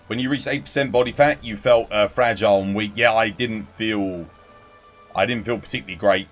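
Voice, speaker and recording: A man's voice: on the low side, fairly quick, soft background music. Chatty man streaming a game. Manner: chatty, greets viewers by name, explains game mechanics. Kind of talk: casual live-stream chat and gameplay tips.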